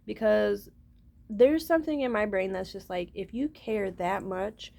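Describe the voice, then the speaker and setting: Gravelly woman rambling in a casual vlog. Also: mid-range voice, unhurried, a little mellow. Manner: rambling, profane, keeps saying "listen". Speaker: vlogger.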